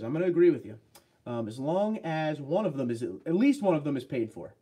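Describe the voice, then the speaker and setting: Livestream guy chatting away w his viewers, upbeat, rambly, kinda high voice. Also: sing-song, brisk, darkish tone, slightly rough. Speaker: livestream host. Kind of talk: casual livestream chat, reading viewer comments.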